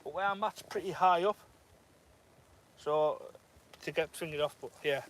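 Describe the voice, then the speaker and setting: A man's voice: on the high side, measured pace, fairly bright tone. A man live-streaming outdoors at night, chatting casually to viewers. He talks in a nervous, jokey way as he reads out their comments. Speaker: fishing vlogger streaming live. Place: outdoors on a dark shore at night. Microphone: phone or camera on a tripod.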